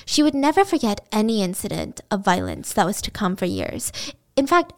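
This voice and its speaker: A woman's voice: mid-range voice, gravelly. A woman casually retelling a true-crime story, chatty and blunt, swearing freely and filling her speech with "like.".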